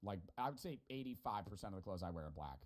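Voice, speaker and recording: A man's voice: on the low side, animated, fast talker. A man with a general American accent giving casual, profanity-laced reaction commentary. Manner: rambling, profane, laughing asides. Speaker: streamer reacting to videos.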